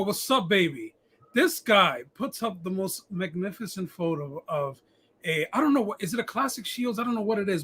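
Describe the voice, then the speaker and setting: Male podcast host, high husky voice, profane and rambling, stammers a lot. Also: a bit bright. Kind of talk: casual live-stream chat.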